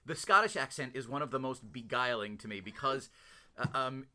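A man from Philadelphia hosting a casual chat, speaking haltingly with many repeated words and fillers. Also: mid-range voice, sharp tone. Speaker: host. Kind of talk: casual conversation.

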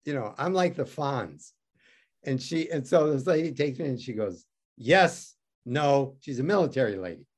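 Interview guest: man from Detroit, lively wry storyteller with a swinging pitch. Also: brisk. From Detroit, USA. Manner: wry, self-mocking, acts out quoted dialogue. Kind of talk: animated storytelling.

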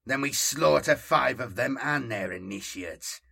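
A man plays a savage warrior who growls and barks, gravelly and harsh. His voice is forceful and bright, raspy at the edges. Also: mid-range voice, animated, measured pace, heavily acted. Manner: growling, shouting. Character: brutal, snarling male warrior.

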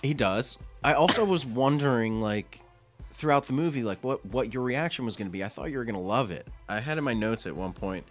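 Lively, sarcastic male podcast co-host. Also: mid-range voice, brisk, faint music behind. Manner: lively, sarcastic, laughs and hesitates with ums. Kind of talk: casual movie review chat.

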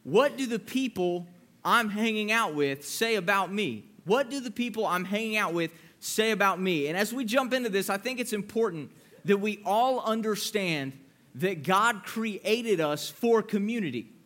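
A man's voice: high voice, lively intonation, moderate pace, fairly bright tone. A young man giving a youth sermon in a playful, joking way, acting out voices to make his point. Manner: playful, jokey, acts out voices. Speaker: youth pastor.

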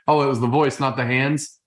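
A man's voice: mid-range voice, fairly bright tone. A middle-aged man co-hosting a podcast over a video call, chatting casually in a playful, joking, stop-and-start way. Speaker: podcast co-host. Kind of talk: casual chat. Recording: roomy echo on video call.

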